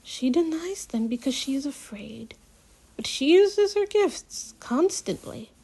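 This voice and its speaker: A woman voicing a mysterious older female psychic teacher in a storybook reading, speaking in a hushed, cryptic way that slips into whispers. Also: sits high, animated, measured pace, slightly rough, heavily acted.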